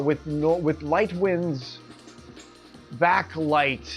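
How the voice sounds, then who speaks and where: Male game streamer, fairly high and very animated voice, giggly, foul-mouthed. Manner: laughs often, swears freely. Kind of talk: casual live game commentary.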